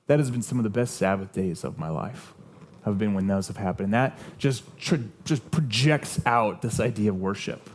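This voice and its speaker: A man's voice: on the low side, moderate pace. A young adult man preaching a sermon as pastor, earnest and conversational, telling personal stories with frequent restarts. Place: church sanctuary.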